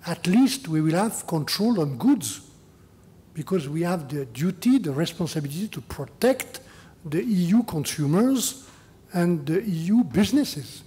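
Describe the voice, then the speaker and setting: An older French-accented man answers questions at a lecture in slightly high, careful English. He often repeats words as he searches for phrasing, then drives points home with a questioning "huh?". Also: expressive, a little slow, mellow. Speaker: EU chief negotiator giving a lecture. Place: large lecture hall.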